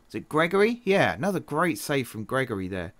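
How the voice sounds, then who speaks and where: Man, casual game commentary, chatty, self-correcting, tired, mid-range voice, dry close sound. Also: dry recording. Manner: chatty, self-correcting, quick laughs, shifts from excited to low mutters. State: tired from an early start. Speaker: gaming streamer.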